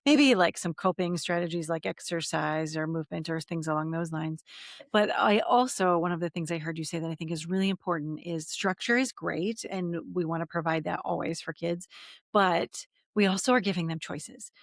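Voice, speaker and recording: Affirming woman podcast host, lowish voice. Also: moderate pace, gravelly, no echo, clean studio sound. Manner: warm, affirming, frequent backchannels. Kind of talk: conversational interview.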